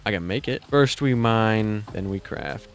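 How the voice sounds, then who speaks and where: A young man talks through his gameplay in a casual, excitable way, mocking himself as he goes. His voice sits fairly low for a man, and he thinks aloud while he works things out. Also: measured pace, faint music behind. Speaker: gaming YouTuber.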